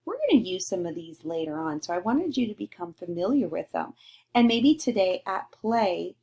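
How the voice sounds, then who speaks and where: A woman teacher giving a recorded lesson to young children, slowly sounding out letters and praising answers. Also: lowish voice, very animated, dark tone, husky. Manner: slow, sing-song and encouraging, sounding out letters.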